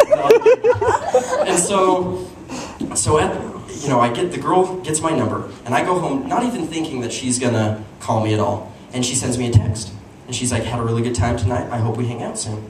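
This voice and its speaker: A young man performs stand-up, spinning a self-deprecating dating story and leaping into higher voices for the quoted bits. His voice sits at an ordinary middle pitch. It is picked up from a distance, with a roomy echo and a steady buzz of audience noise behind him. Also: fairly quick, few pauses. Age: young adult. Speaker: stand-up comedian. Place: small venue with audience. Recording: echoey room, distant mic, audience noise.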